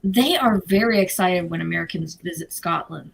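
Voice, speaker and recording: A woman chatting on a podcast panel in a soft, somewhat hesitant way. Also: lowish voice, normal speed, creaky, slightly rough. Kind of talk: casual group chat.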